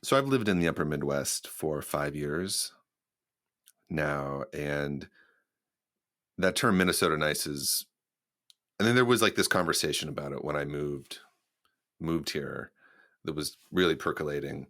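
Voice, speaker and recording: A man's voice: extremely low pitch, unhurried, pauses often, a bit bright. A man hosting a podcast, talking thoughtfully in a casual conversation. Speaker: podcast host.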